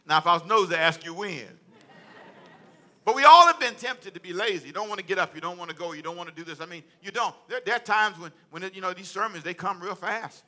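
Lively high-voiced man preaching. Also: fast. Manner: animated preaching, acts out quotes, chuckles. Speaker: pastor. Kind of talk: sermon.

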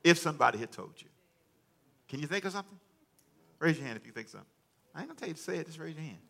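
Pastor, male, bright and fairly high voice, lively sermon delivery, banters with the congregation. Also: very fast, creaky.

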